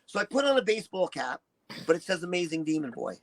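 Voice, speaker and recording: A man in his sixties, a retired performer telling candid stories in an interview, profane and animated, acting out what people said. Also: high-pitched, quick pace, poor audio. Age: 60s. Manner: profane, animated, acts out quotes. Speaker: interview guest, retired shock-rock performer.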